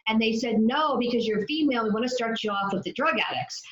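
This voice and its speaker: A woman addiction clinician telling her story in an interview, animated and acting out the dialogue as she goes. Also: on the high side, fast, roomy sound, lo-fi sound. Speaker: addiction clinician and author, guest.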